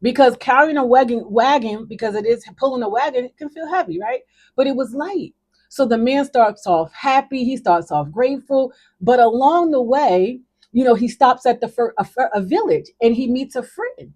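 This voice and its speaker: Casting: high-pitched middle-aged woman coach, emphatic and preachy, talking straight to viewers. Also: animated, normal speed, a little mellow. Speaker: life coach. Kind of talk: motivational talk with a faith parable.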